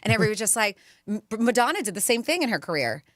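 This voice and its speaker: A woman co-hosting a radio talk show, telling stories in an animated, chatty way. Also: medium pitch, very fast, no echo, clean studio sound. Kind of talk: casual radio chat.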